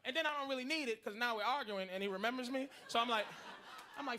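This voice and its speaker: A man's voice: very high-pitched, fast, bright, forceful tone. A man in his thirties doing crude, rambling stand-up comedy in a noisy live room. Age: 30s.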